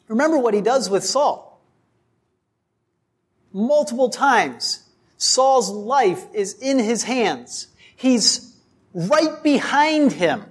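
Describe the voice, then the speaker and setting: A male preacher delivers a sermon at an unhurried, deliberate pace. He speaks in a fairly high voice and keeps asking the listeners rhetorical questions. He often slips briefly into the voices of the people he quotes.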